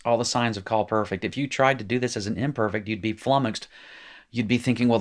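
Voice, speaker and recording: A man teaching a recorded language lesson, explaining patiently with small asides and encouraging the listener. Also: on the low side. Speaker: Hebrew teacher.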